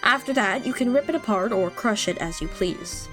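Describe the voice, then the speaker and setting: A woman's voice: medium pitch, expressive, moderate pace, a bit bright, faint music behind, lightly acted. Bernkastel, a woman reading as a cruel witch. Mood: coolly taunting. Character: cruel aloof female witch, ageless, mocking. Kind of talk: reading game dialogue aloud.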